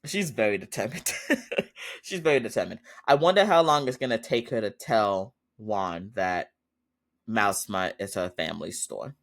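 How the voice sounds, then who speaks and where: Chatty man recapping a show, lowish voice. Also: lively intonation, measured pace, gravelly, a bit bright. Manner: chatty, laughs often while retelling. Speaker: podcast host. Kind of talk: casual TV episode recap.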